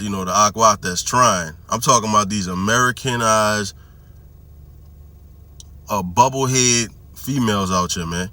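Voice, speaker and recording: Brief: male vlogger, bright tense voice, loose slangy street-preacher delivery, keeps asking the listener if they hear him. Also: on the low side, dry recording. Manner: slangy, repeats "you hear me?", reads scripture slowly. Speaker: religious commentary vlogger. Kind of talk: casual preaching commentary.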